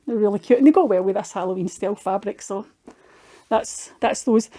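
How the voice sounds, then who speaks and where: In this casual show-and-tell, a craft vlogger talks through her projects in a homely way, often restarting herself. She's a middle-aged Scottish woman whose voice is warm and fairly high.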